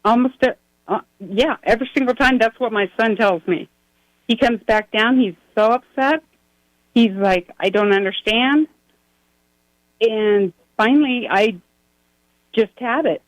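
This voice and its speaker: A woman's voice: a little high, a little slow, dry recording, low-quality recording. A woman calling a radio show, upset and pleading as she tells about her son. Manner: upset, pleading, run-on telling. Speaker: caller. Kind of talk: phone call to a radio show.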